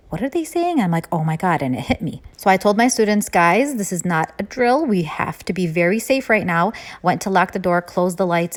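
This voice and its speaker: A woman, a former teacher, telling a personal story in an earnest, emphatic way and acting out what she and others said. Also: fairly low pitch. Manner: earnest, emphatic retelling, acting out her own quoted lines.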